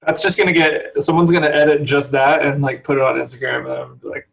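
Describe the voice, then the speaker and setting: A man's voice: fairly high pitch, little pitch movement, quick pace, creaky, fairly bright tone, poor audio. Rambling, laughing young man. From San Francisco area, US. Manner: rambling storyteller, laughs often, many likes. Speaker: podcast guest. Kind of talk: casual chat.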